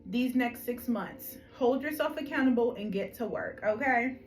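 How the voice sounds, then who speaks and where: With a Philadelphia accent, a woman gives a collective tarot reading to camera, animated and emphatic, affectionately calling viewers honey and checking in often with "okay?". Her voice is on the high side at normal speed, and the rough recording has faint music behind it.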